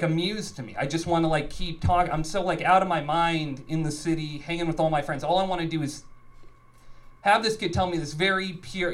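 Slightly high-voiced man telling a story. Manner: loose, profane, rambling delivery with acted-out quotes. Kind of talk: live comedic storytelling.

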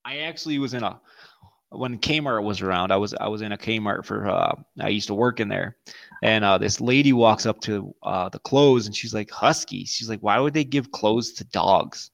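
A man's voice: on the low side, moderate pace, vocal fry, a bit bright. A man co-hosting a casual podcast, telling crude, profane stories and laughing often. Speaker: podcast co-host. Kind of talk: casual chat.

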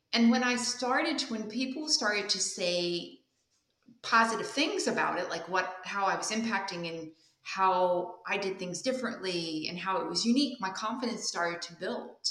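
A woman guest telling personal stories in a candid, animated way, laughing often during the interview. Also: lowish voice, roomy sound, rough recording. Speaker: guest speaker and coach. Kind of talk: casual interview storytelling.

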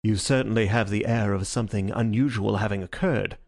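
A man voicing a calm, sharp-minded male detective in a measured, dry manner. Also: lowish voice, vocal fry, dry recording.

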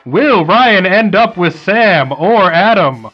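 A man voicing an old-time radio serial announcer in a slow, dramatic delivery. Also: high voice, lively intonation, breathy edge, dull audio, faint music behind, pitched above the performer's own voice, exaggerated voice.

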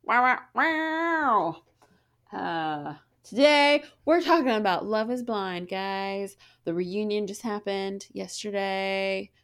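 A woman's voice: slow pace, hardly any pauses, clear, resonant tone, dry recording, studio quality. A woman in her thirties co-hosting a podcast, teasing and laughing in casual chat. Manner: teasing, laughing, swings her pitch a lot. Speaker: podcast co-host.

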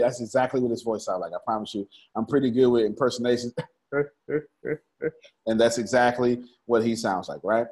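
A man's voice: medium pitch, brisk, a little mellow. Man teaching a small live group. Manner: repeats himself, calls on listeners by name. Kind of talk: lively live group lesson. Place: room with a small live audience.

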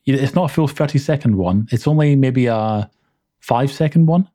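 A man co-hosting a podcast in casual chat, enthusiastic and quick to laugh, often restarting his sentences. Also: mid-range voice, dark tone. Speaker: podcast co-host.

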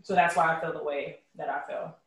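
A woman explaining her view in a casual group discussion, reflective with many "um" pauses. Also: low voice, steady tone. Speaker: discussion participant. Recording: echoey room, far from the mic.

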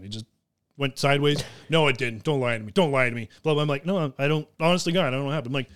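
Animated fast-talking man telling a story. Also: fairly high pitch. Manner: animated, acts out quotes, swears. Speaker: guest. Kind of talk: casual storytelling chat.

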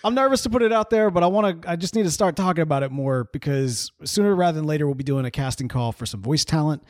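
A man co-hosting a podcast, talking in an animated, laughing way and often restarting his sentences. His voice sits fairly high and swings widely in pitch. The recording is dry and close. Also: quick pace, dry recording. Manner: animated, laughing, self-interrupting. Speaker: podcast co-host. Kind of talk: casual chat.

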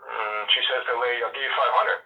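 A man's voice: mid-range voice, fairly even intonation, quick pace, gravelly, distant mic, dull audio. A man telling a dating story in a chatty, rambling way, full of fillers. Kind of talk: casual comic storytelling.

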